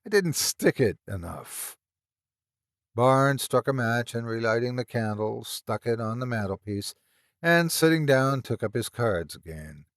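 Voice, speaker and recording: A man narrating a classic horror story in an expressive, dramatic storytelling manner. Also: mid-range voice, normal speed, no echo, studio quality.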